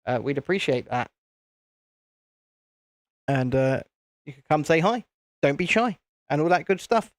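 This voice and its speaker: A man's voice: fairly high pitch, animated, measured pace, pauses often, no room sound, studio quality. A British man hosting a casual live stream, chatting to viewers in a self-deprecating way.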